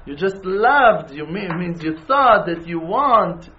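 A man giving an informal spiritual lesson in an animated way, repeating phrases for emphasis and restarting words mid-phrase. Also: high voice, slow, muffled recording, slight background noise. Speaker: religious teacher.

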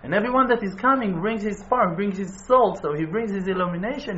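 A man giving an impassioned appeal, pleading, repeating his phrases and swinging between loud urging and quiet, near-tearful moments. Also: sits high, a little fast, hardly any pauses. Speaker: community speaker making an appeal. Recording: dull lo-fi with faint noise.

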